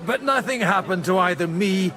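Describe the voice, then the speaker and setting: A man's voice: high voice, normal speed, bright, forceful tone, some chatter behind. An actor playing a roguish young man, speaking in a wry, sheepish way. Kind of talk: video game voice acting.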